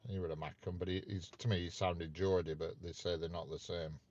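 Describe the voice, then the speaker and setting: A man's voice: low voice, little pitch movement, fairly quick, a little mellow, dull audio. A man hosting a casual live stream, chatting with viewers and playfully quizzing them. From north of England. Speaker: livestream host chatting with viewers.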